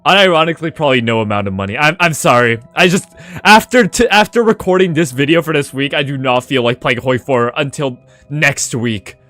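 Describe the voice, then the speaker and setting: A man's voice: a little high, fairly quick, soft background music. A male game streamer chatting casually on a live stream, swearing and laughing as he thanks donors. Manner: animated, swears, laughs a lot.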